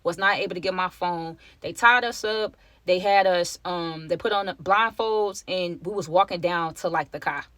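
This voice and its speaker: A woman's voice: lowish voice, normal speed, hardly any pauses, fairly bright tone, no echo. A woman vlogger telling her viewers a tense personal story in casual speech. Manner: emotional storytime, addresses viewers as y'all.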